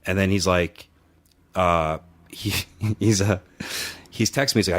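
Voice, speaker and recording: A man's voice: low voice, fairly even intonation, measured pace, a bit bright. A man who runs wrestling shows, telling profane, rambling backstage stories in a casual podcast chat and acting out the quotes. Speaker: podcast co-host, wrestling promoter. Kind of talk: casual storytelling.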